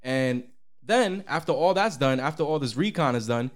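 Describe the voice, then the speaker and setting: A man co-hosting a podcast in casual chat, animated and profane, with big pitch swings when he quotes people. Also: normal speed. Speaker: podcast co-host.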